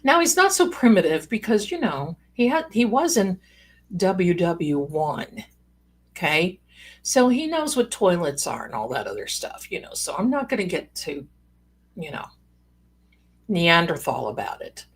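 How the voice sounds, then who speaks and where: A woman chatting on her live stream in a husky, slightly breathy voice, taking her time. She rambles through stories with playful asides and calls her viewers pet names. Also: lowish voice, sing-song, measured pace. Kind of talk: casual live-stream chat.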